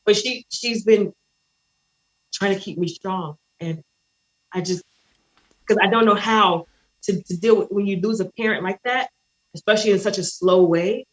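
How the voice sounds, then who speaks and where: A woman caller sharing a painful personal story, halting and shaky, with many restarts. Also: mid-range voice, lo-fi sound.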